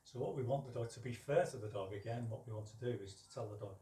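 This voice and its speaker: A man teaching dog training outdoors, explaining calmly between high, sharp commands to his dog. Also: fast. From United Kingdom. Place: outdoors with ambient noise. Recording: roomy, distant from the mic, faint ambience.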